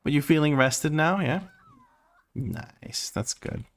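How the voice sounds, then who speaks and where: A man's voice: a little high, expressive, takes it slowly. A man streaming a game, chatting casually and playfully, thinking aloud and laughing often. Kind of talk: casual live-stream chat while gaming. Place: home room.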